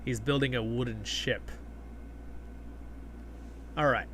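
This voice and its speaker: A man hosts a live stream, chatting casually and reading viewer comments aloud while rambling with fillers and restarts. His voice is medium-pitched and fairly bright, with fairly even intonation and a slow pace, over slight background noise.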